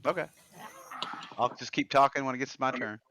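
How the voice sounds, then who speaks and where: A man's voice: medium pitch, brisk, pushed and bright, a little hiss or hum. A man playing a tabletop game, eagerly and ramblingly describing his character's actions. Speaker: player.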